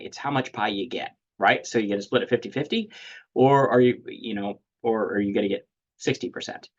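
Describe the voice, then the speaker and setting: Husky man giving a webinar lecture. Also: lowish voice. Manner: loose, with many fillers and restarts. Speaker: webinar presenter. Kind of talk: lecture on negotiation. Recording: dull lo-fi audio.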